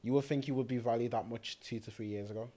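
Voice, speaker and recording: Lively young man telling stories. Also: medium pitch, fast talker. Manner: animated storyteller, laughs often, acts out quotes. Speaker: podcast co-host. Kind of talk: casual chat.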